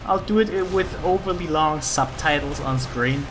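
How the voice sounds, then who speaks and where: A man's voice: on the high side, moderate pace, over music. A man hosting a let's play, casually talking through his own gameplay. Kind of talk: gaming commentary. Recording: noisy background.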